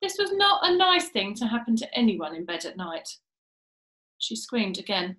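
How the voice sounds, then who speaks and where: A woman reads a children's storybook aloud in an expressive, lively manner. Her voice is fairly high and swings up and down, and the recording has a roomy echo. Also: normal speed. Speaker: reader of a children's book.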